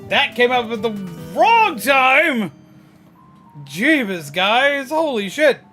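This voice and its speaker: A frazzled, excitable man streaming a game live, exclaiming and thanking viewers, with game music behind. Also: very high voice, slow. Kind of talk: live gaming stream chat.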